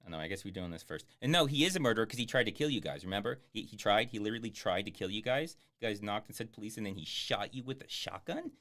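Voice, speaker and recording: Male streamer, sarcastic running commentary, lively swooping pitch, casual swearing. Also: fast, few pauses. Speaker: streamer reviewing a film.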